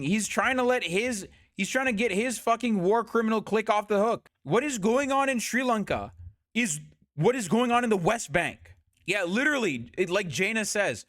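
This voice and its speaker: A man streaming a heated reaction, talking fast and repeating himself. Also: high voice, expressive, fairly bright tone, no room sound, clean studio sound.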